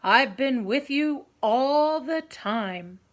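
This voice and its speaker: A woman voicing a wise, commanding male great white tiger in a children's storybook, speaking slowly, loudly and solemnly. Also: sits high, animated, heavily acted. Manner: slow, loud, solemn commands.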